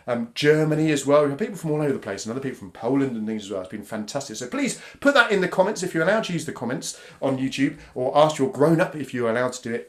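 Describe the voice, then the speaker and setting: Brief: cheerful British drum facilitator, slightly high voice, video-call sound. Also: male voice. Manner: upbeat, encouraging, counts in loudly. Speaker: workshop facilitator. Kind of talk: live online drumming lesson for families.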